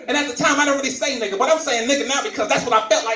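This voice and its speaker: A man's voice: very high-pitched, very fast, hardly any pauses. A man doing a stand-up comedy set, telling a story and acting out the characters in it. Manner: animated storytelling, acts out characters. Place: comedy club stage. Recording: roomy live venue mic from a distance.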